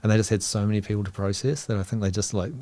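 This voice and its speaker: A man's voice: on the low side, fairly even intonation, racing, dark tone, no room sound. A man with a New Zealand accent, a guest telling a rambling travel story in casual chat, laughing between phrases.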